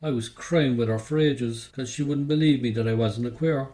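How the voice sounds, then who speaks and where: A man's voice: mid-range voice, moderate pace, warm tone, low-quality recording. A man with a Cork Irish accent reading a first-person novel aloud, telling it in the loose, slangy voice of a young narrator. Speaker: audiobook reader.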